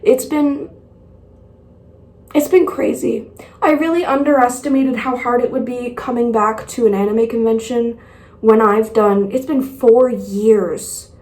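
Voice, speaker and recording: A woman's voice: a little high, steady tone, unhurried, a little mellow. A woman vlogger talking casually to camera, candid and rambling, speaking frankly about herself. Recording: echoey room.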